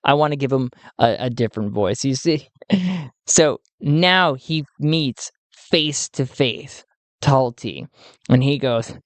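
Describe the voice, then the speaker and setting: A narrator running a solo tabletop game, talking slowly and thinking aloud with frequent chuckles. Dry, close sound with no room echo. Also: mid-range voice, animated.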